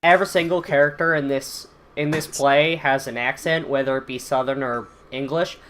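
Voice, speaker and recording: A man's voice: medium pitch, steady tone, normal speed, fairly bright tone. A man hosting a casual podcast, rambling with many fillers as he steers the talk. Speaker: podcast host.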